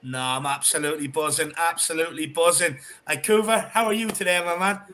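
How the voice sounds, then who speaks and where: A man's voice: fairly high pitch, fairly quick, sharp tone, a little hiss or hum. An Irish man hosting a casual fan livestream, upbeat and greeting viewers by name with local slang.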